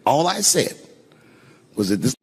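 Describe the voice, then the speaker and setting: A man doing stand-up storytelling on stage, animated and profane, swinging from loud outbursts to hushed asides. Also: mid-range voice, a little slow, in a large hall. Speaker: stand-up comedian. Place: comedy stage before a live audience. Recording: noisy live venue recording.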